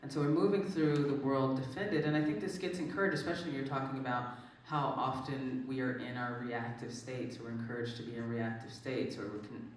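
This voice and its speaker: An author and guest speaker in a live onstage conversation, talking expressively and jumping up high when animated. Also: brisk, hardly any pauses, a little hiss or hum. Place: large echoing hall at a live event. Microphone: distant from the microphone. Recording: echoey hall from far off.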